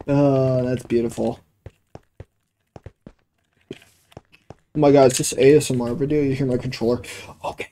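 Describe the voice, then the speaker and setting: A man's voice: mid-range voice, fairly even intonation, unhurried, long pauses, mellow, slight background noise, low-quality recording. A man giving casual gameplay commentary on a cheap home microphone, rambling and swearing when things annoy him. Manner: rambling, profane, easily exasperated. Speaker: let's play gamer. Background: background music.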